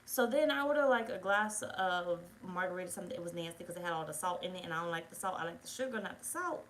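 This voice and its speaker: A woman's voice: fairly low pitch, lively intonation, fast, fairly bright tone, slight background noise, low-quality recording. A woman telling a rambling story time in casual chat, blunt and full of swearing. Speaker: tarot reader.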